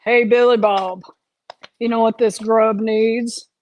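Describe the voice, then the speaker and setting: A woman's voice: a little high, fairly even intonation, takes it slowly, a little mellow, highs cut off. A woman voicing a folksy male cowboy out on the range, talking about camp grub.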